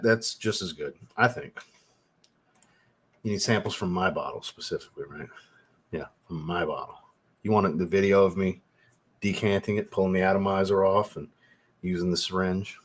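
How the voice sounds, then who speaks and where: A man's voice: low-pitched, fairly bright tone, breathy edge. A man hosting a fragrance livestream, chatting casually with viewers, laid-back, swearing freely and laughing often. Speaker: fragrance reviewer and channel host.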